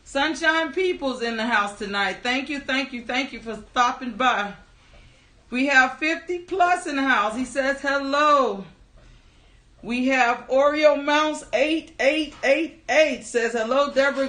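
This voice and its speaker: A high-pitched, pushed, bright female voice echoes in a reverberant space. The livestream storyteller host greets her viewers one by one by name, chatty and upbeat, before getting into her story.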